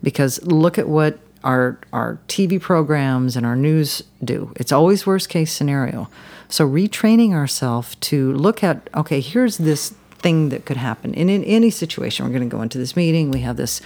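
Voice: mid-range voice, animated, normal speed, vocal fry, few pauses, a little mellow. Rambling podcast guest telling a story. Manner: rambling, many restarts and "you know"s. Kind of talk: casual storytelling interview.

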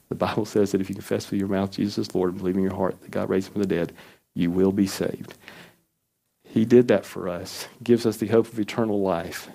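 This pastor preaches with a warm, creaky voice, keeping his sermon earnest and conversational. His pitch climbs as he performs the prayers he quotes.

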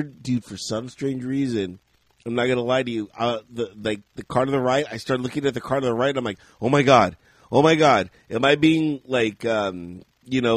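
A man co-hosting a podcast, telling a story in a casual, animated way, laughing often and shouting out the lines he quotes. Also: medium pitch, dry recording. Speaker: podcast co-host.

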